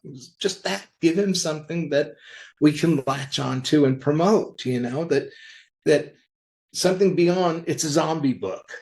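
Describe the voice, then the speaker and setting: A man's voice: a little high, a little slow, vocal fry, low-quality recording. A man in his seventies, a guest on a comics interview show, telling stories and acting out what people said. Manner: animated storyteller who acts out dialogue in quotes. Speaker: guest, comics industry veteran. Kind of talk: anecdotal storytelling in conversation.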